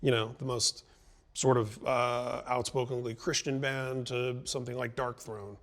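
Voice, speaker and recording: A man's voice: medium pitch, level tone, unhurried. Reflective middle-aged male interview host. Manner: reflective, long thoughtful turns. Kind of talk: conversational interview.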